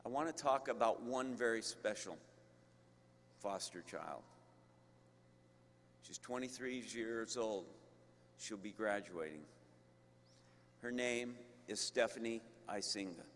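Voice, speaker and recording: Male university leader, commencement address, unhurried, emphatic, long hall reverb. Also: on the low side, fairly bright tone, slight background noise. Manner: slow, emphatic, with deliberate pauses. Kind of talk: commencement speech.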